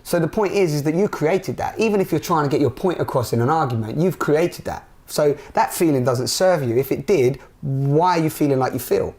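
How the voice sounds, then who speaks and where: A man's voice: a little high, expressive, fairly quick, hardly any pauses, a little mellow. Earnest man hosting a spiritual chat. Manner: earnest, rambling, with frequent restarts. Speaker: talk show host. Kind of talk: casual spiritual conversation.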